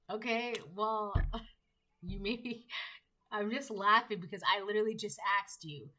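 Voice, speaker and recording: A woman reads tarot cards for her viewers in a bright, tense voice. She presses her points hard with rhetorical questions. She circles back and repeats herself as she talks. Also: medium pitch, expressive, unhurried, long pauses, poor audio. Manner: emphatic, repetitive rhetorical questions. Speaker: tarot reader. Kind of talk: collective tarot reading monologue.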